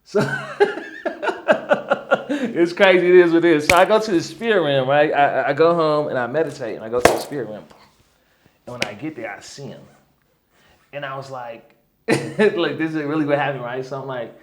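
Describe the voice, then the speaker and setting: A guest healer in a relaxed interview tells a long, energetic story in a voice a little high for a man, speaking at a normal speed with frequent pauses. He keeps drawing the listener in with "right?" and "you know what I'm saying?", over a faint hiss or hum.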